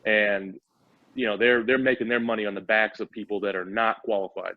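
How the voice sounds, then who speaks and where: A man's voice: lowish voice, fairly even intonation, a little fast, dry recording. A man speaking as a startup CEO guest in a casual interview, eager and explaining at length with frequent restarts. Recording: dull, dry lo-fi audio.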